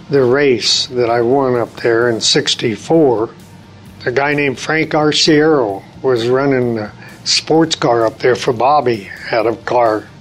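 A man's voice: medium pitch, rough recording. A man in his seventies, a retired racer telling long anecdotes in an interview, acting out old conversations and restarting his sentences often. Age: 70s. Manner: rambling anecdotes, acts out quoted dialogue, frequent restarts. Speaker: retired race car driver, interview guest.

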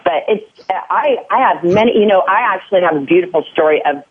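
A woman guest speaks candidly in a relaxed conversation and keeps restarting her sentences. Her voice is low and husky. It comes through a thin, tinny phone line. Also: brisk. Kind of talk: casual chat.

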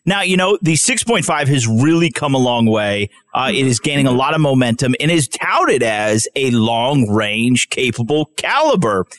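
Lively male radio co-host. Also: medium pitch, moderate pace. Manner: lively, chatty, joking. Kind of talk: casual radio chat.

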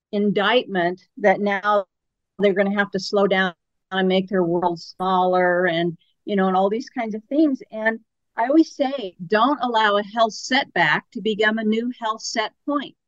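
In a conversational interview, an active-aging expert appearing as a guest speaks in a medium-pitched voice with no echo. She lays out her thinking sincerely, stacking up questions to develop her points, though the audio is somewhat dull and lo-fi.

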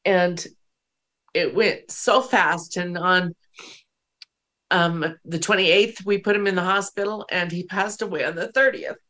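A woman's voice: on the low side, fairly even intonation, a little slow, bright, forceful tone. Emotional woman host telling a story. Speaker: podcast host. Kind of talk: casual conversation.

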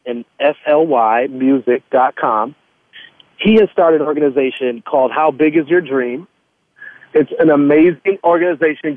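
A man's voice: on the high side, no echo. Male guest on a tinny phone line. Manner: earnest, spells out names and web addresses. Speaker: musician guest. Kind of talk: casual interview talk.

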